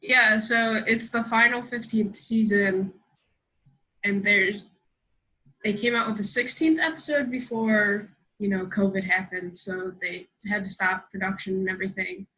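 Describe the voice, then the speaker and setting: Young woman co-host, super bright voice, rambly and excitable. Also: mid-range voice, unhurried, poor audio. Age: young adult. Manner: rambling, excitable, swears casually. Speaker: podcast co-host. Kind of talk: casual chat.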